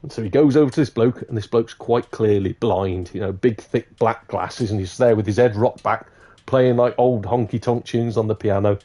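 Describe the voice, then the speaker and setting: A man's voice: fairly low pitch, moderate pace. A man on a live gaming stream, telling jokes casually, swearing and laughing at his own punchlines. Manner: swearing, laughing, animated storyteller.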